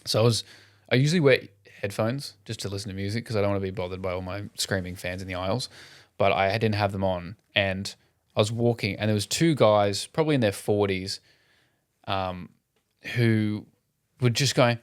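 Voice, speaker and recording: A young man co-hosting a podcast, chatting casually and telling animated, sweary stories. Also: on the low side, a little fast, smooth, no room sound, studio quality. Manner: storytelling, swearing, animated quoted voices. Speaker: podcast co-host. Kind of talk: casual chat.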